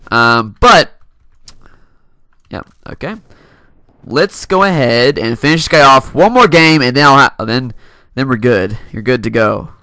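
A young man with a sharp, clean mid-range voice gives casual gameplay commentary at his computer through a desk mic. He's playful, laughs often, and taunts opponents, in a dry, clean studio sound.

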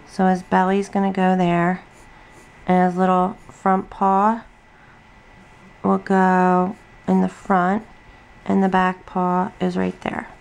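A woman's voice: fairly low pitch, completely flat delivery, takes it slowly, vocal fry, long pauses, darkish tone, clean tone. A tired, chatty middle-aged woman rambling through a casual drawing tutorial at her home desk, full of ums and asides. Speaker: craft video host. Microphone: camera on tripod at desk.

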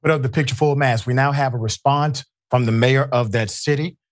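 A man's voice: medium pitch, fairly even intonation, fairly quick, no room sound, studio quality. A man hosting a news commentary show, speaking emphatically and indignantly as he directs the crew and walks through a story.

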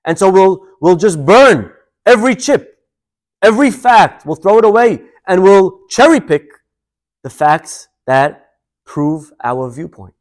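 A male rabbi giving a sermon, telling a story in an animated, conversational way. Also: sits high, measured pace.

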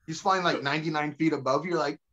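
A man's voice: fairly high pitch, quick pace, a bit bright. A man doing a stand-up set in a small bar, laughing at his own jokes and acting out voices. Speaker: stand-up comedian. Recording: dull lo-fi club recording.

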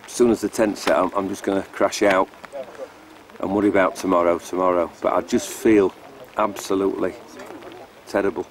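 A middle-aged man on an expedition, exhausted and weak, speaking slowly and haltingly in a documentary confessional. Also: sits low, fairly even intonation, crowd noise. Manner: slow, heavy and halting. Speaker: expedition trekker.

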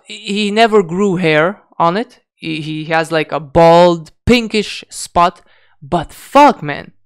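Profane, blunt man with a smooth voice. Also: high voice. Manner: profane, blunt, many restarts and fillers. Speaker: diet vlogger. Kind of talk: unscripted rant to camera.

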